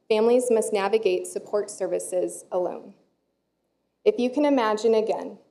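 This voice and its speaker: Woman with a gravelly, mellow voice. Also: medium pitch. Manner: steady, earnest reading. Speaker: director of clinical services. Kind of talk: prepared public comment at council meeting.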